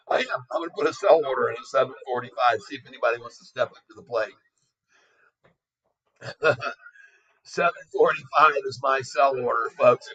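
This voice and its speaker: A man hosting a casual live stock-trading stream, hyped and excitable, laughing often and calling his viewers folks. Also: medium pitch, distant mic, muffled recording. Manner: talks straight to viewers as folks. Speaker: stock market livestream host.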